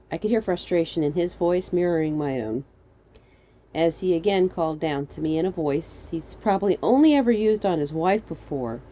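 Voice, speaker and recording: A woman's voice: brisk, highs cut off. Wry woman reading a comic story. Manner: wry, animated, jumping high for quoted lines. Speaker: storyteller reading her fan fiction. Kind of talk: comedic story narration.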